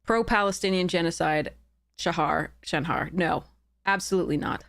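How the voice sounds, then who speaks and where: A woman's voice: on the low side, moderate pace, vocal fry, a bit bright. A woman game streamer chatting live with her viewers, earnest and heated, often stopping to apologize.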